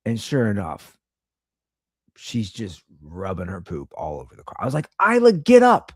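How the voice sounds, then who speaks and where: A man in his thirties tells a rambling, exasperated story as a show host. His pitch swoops up and down as he talks. The sound is dry and close. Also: expressive, moderate pace, a little mellow, breathy edge, no echo. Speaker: podcast host; father of two young girls. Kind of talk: casual storytelling monologue.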